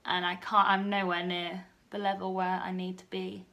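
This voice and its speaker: A woman in her twenties, talking softly and a bit nervously in a personal vlog. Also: on the low side, flat delivery, normal speed. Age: 20s. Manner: soft-spoken and nervous, often hushed. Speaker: vlogger.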